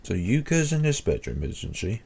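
A man's voice: on the low side, very animated, moderate pace, a little mellow, a little hiss or hum. A young man playing a horror game, reading the dialogue aloud and adding sarcastic, joking asides. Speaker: let's play gamer.

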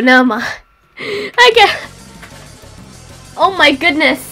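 A woman giving casual game commentary, exclaiming and crying out as she plays. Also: high voice. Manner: excitable, cries out and exclaims. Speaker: gameplay commentator.

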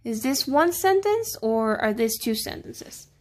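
A woman's voice: on the high side, big pitch swings, darkish tone. A woman teacher, patiently walking children through a grammar lesson and checking in with them often. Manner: slow, patient, checking in with "okay?" and "right?".

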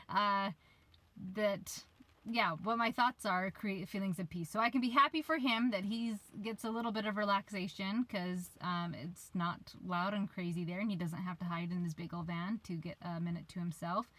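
Her voice is mid-range, bright and forceful, with fairly even intonation at a normal speed. She's a thirtysomething life coach chatting advice from her parked van in the rain, now and then losing her thread. The audio is poor, with no room sound.

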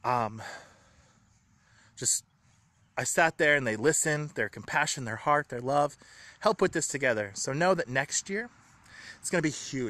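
A man vlogging from home, talking in an earnest, rambling, grateful way, excited and a little shaky. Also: medium pitch, unhurried, long pauses, a little hiss or hum. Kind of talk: emotional personal vlog.

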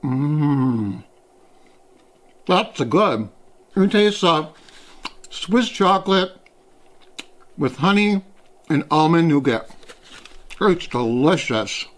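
A man's voice: a little high, lively intonation, extremely slow, long pauses. A man hosting a casual taste-test vlog, talking in a chatty, rambling way and poking fun at himself. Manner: chatty, rambling, self-deprecating. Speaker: host.

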